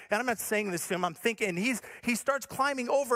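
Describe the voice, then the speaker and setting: A male pastor telling a story in a sermon, animated and self-mocking, acting out his own panic. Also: extremely high pitch, quick pace, hardly any pauses. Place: church stage.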